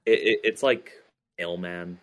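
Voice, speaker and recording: A man's voice: low-pitched, fairly even intonation, a little slow. A man chatting as a podcast guest about his band, talking hesitantly with many fillers and restarts. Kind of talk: casual interview chat.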